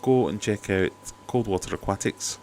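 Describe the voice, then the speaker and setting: A man's voice: on the low side, normal speed, a little mellow, slight background noise. A man hosting a casual aquarium livestream, chatty and skeptical, talking over a cheap microphone at home. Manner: chatty, skeptical, jokey asides. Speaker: aquarium channel host. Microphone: cheap desk mic.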